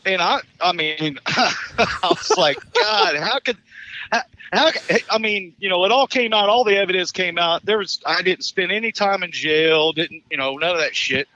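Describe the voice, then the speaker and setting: A man in his fifties, a caller on a live talk show, telling a profane, animated story with stumbling restarts and laughs. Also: sits high, normal speed.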